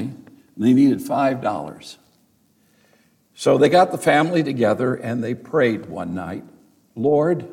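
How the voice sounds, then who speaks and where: A male pastor preaching a sermon in an unhurried, deliberate way. His voice has a gravelly edge, and his pitch swings widely as he tells stories and rises to emphatic peaks while speaking straight to his congregation. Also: a little mellow. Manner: addresses the congregation directly, with storytelling asides.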